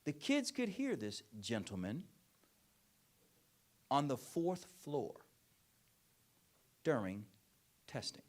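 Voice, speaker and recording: Animated male keynote speaker. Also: mid-range voice. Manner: animated storytelling, acts out parents and children in quick voices; emphatic, repetitive rhetorical phrasing. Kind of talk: keynote speech with audience Q&A.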